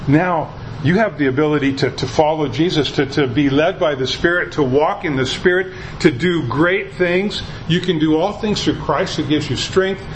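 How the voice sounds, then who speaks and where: A man's voice: on the high side, slight background noise, low-quality recording. Man preaching a casual sermon. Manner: conversational preaching with frequent restarts. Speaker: pastor.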